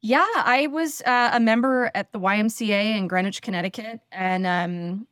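A woman's voice: medium pitch, normal speed, fairly bright tone, clear, resonant tone, no echo, clean studio sound. A woman in her forties from the northeastern United States, a podcast guest telling chatty, self-deprecating stories with many fillers. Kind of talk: casual interview storytelling.

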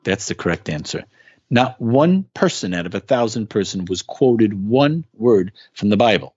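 A man's voice: on the low side, expressive, moderate pace, a little mellow, slightly rough, no echo, lo-fi sound. A man talking as a guest in a casual interview, explaining with earnest emphasis. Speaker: guest musician.

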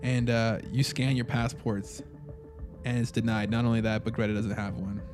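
A man's voice: medium pitch, normal speed, music in the background. Man running a tabletop game. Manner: relaxed, filler-heavy narration. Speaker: game master.

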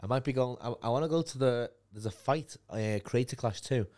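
A young man from England, co-hosting a podcast in casual, joking banter with some swearing. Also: brisk. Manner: swearing, joking banter with lively pitch swings. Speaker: podcast co-host. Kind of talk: casual chat.

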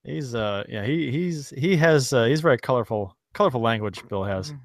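A man's voice: mid-range voice, lively intonation, normal speed, no echo. A man with a mid-range voice chats on a casual sports podcast, teasing his co-hosts and firing off playful, laughing questions about the game. The recording is dry and close to the mic. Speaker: podcast co-host and rec-league forward.

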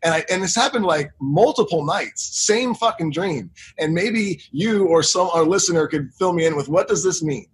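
A man co-hosting a casual podcast, rambling through stories and swearing freely as he goes. His voice is a little higher than usual for a man. It has a husky edge to it. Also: lively intonation, normal speed, hardly any pauses. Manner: loose, profane, rambling storytelling. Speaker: podcast co-host.

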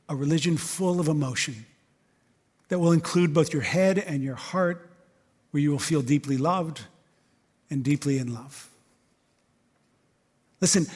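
At a church service, a pastor preaches a sermon in a slightly higher-than-usual, slightly rough male voice. He speaks conversationally, leans on emphasis, and often checks in with the congregation through quick rhetorical questions, with a long reverb tail on the sound.

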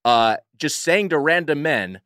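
Bright-voiced man telling a rambling story. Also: on the high side, expressive, measured pace. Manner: rambling storyteller with many fillers and restarts. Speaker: podcast co-host. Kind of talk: casual chat, telling an anecdote.

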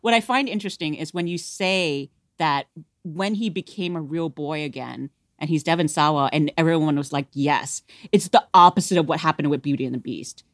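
A woman's voice: sits low, fairly quick, dry recording, clean studio sound. A woman co-hosting a casual entertainment chat, talking things through in a chatty, hedging way. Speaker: podcast co-host.

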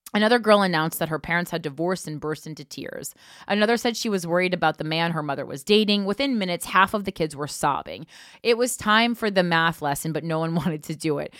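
On a close mic with no echo, a woman podcast host reads a news article aloud, stopping between passages for blunt, profane asides. Her voice sits on the low side with a fairly bright tone.

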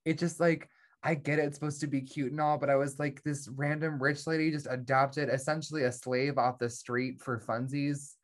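A man's voice: on the high side, level tone, moderate pace. A man co-hosting a casual review podcast, talking bluntly and swearing freely. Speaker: podcast co-host.

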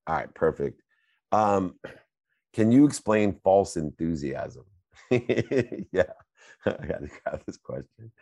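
A middle-aged man hosting a live Q&A, answering questions in a fervent, preachy way that swings between loud bursts and quiet asides. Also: low voice, animated, slow, gravelly, dry recording, clean studio sound. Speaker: host and coach. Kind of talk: motivational Q&A answers.

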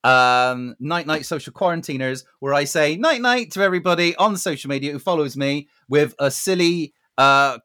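A man's voice: medium pitch, bright, forceful tone. A man, co-hosting a podcast remotely, chatting in a playful, rambling way with lots of fillers. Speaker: podcast co-host. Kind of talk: casual chat. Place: remote call from home.

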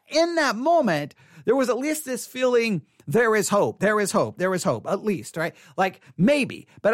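Earnest high-voiced man, dry sound. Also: no echo. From Texas. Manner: earnest, repetitive, swings between quiet and emphatic. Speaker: speaker addressing an audience. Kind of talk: personal testimony talk.

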